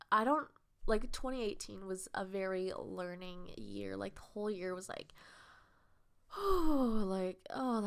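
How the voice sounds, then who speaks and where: A woman's voice: mid-range voice, fairly bright tone, clear, resonant tone. Young woman, vlogger, casual podcast monologue, earnest, rambling, heartfelt.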